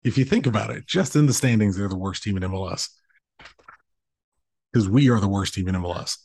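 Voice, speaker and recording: A man in his thirties co-hosting a podcast, rambling through animated stories with plenty of swearing. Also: on the low side, a little fast, gravelly, husky, no echo. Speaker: podcast co-host. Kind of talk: casual chat.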